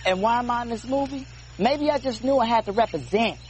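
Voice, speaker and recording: An actor playing a brash, hotheaded young man in a film comedy, loud, taunting and profane. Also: very high-pitched, a little fast, a little hiss or hum. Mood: defensive. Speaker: film character.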